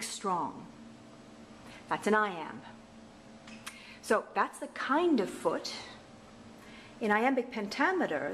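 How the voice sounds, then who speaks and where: Female lecturer, unhurried delivery, patient and explanatory, faint hiss under the voice. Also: mid-range voice, fairly bright tone. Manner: patient and explanatory, chanting stress patterns aloud. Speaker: literature instructor. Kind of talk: recorded lecture explaining poetic meter.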